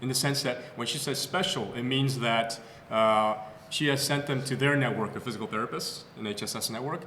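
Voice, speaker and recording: A man's voice: mid-range voice, brisk, a little hiss or hum. A male physical therapist on a podcast, telling patient stories casually with lots of fillers and restarts. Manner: storytelling, animated, with many fillers and restarts. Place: clinic podcast room. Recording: roomy echo with long reverb.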